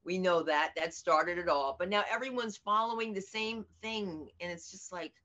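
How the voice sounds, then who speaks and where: A middle-aged American woman comedian and teacher, telling stories in an animated, outspoken way during an interview. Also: on the low side, normal speed. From United States. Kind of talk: conversational interview over video. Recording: dull lo-fi audio.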